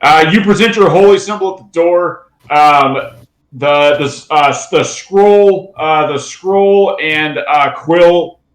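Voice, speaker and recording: A man narrating a tabletop game as game master, halting and pausing often. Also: a little high, reverberant, rough recording. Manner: halting, with many fillers and restarts.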